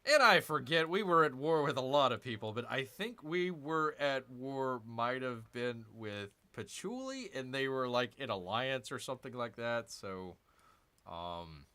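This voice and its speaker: A man streaming a strategy game, talking casually through each move. His voice is bright and bouncy, with muttered grumbles at the game and playful growls tossed in. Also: medium pitch, sing-song, unhurried, clean tone. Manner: chatty, muttering asides, playful mock growls. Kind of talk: casual live gameplay commentary.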